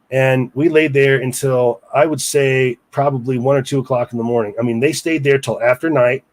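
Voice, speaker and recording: A man's voice: medium pitch, a little mellow. A man recounting a personal story in a casual interview, rambling with asides to the listener. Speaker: guest storyteller.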